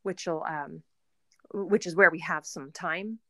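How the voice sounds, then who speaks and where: A woman's voice: lowish voice, unhurried, a bit bright, dry recording, clean studio sound. A young woman, a homeschooling mother, chatting in an interview with a rambling, filler-heavy way of talking. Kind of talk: casual interview chat.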